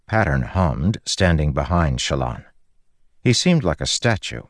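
A man reading an audiobook in a measured, even way. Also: very deep voice, no room sound, clean studio sound. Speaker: narrator. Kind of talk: scripted audiobook narration.

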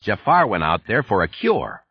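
A man voicing a groggy, gravelly middle-aged male factory manager who keeps coughing, in an audiobook reading. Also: on the low side, big pitch swings, moderate pace, no echo, lo-fi sound, exaggerated voice. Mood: weary puzzled.

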